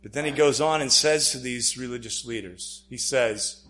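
A man's voice: medium pitch, moderate pace, bright, forceful tone. A man preaching a sermon, emphatic, repeating key phrases and acting out the lines he quotes.

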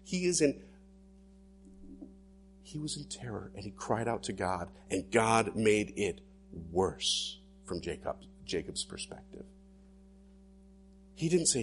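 A pastor preaching a sermon, animated, acting out inner thoughts dramatically. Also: male voice, on the low side, slow pace, pauses often, faint music behind.

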